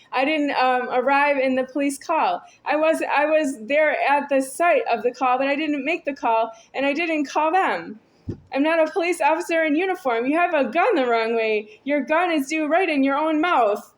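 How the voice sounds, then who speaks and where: A woman's voice: high voice, moderate pace, low-quality recording. A woman talking in a rambling, disjointed monologue, repeating herself and stumbling through restarts.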